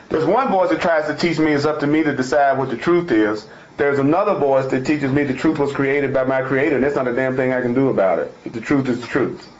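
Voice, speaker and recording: Emphatic man in an echoey room. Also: fairly high pitch. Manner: emphatic and repetitive, restating each point; folksy, informal phrasing. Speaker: spiritual teacher. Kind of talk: spiritual talk, reading and explaining a text. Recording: echoey room, dull lo-fi sound.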